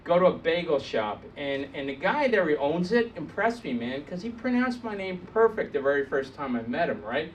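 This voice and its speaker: A man's voice: fairly high pitch, very animated, moderate pace, few pauses. A man from India doing a stand-up set on a comedy club stage, dry and teasing with the crowd. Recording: distant mic, noisy club.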